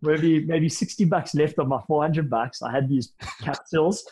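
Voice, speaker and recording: A man in his thirties, a podcast guest telling anecdotes in a lively, casual way with bits of slang. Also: on the high side, moderate pace, slight background noise, rough recording. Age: 30s. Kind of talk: storytelling in a podcast interview.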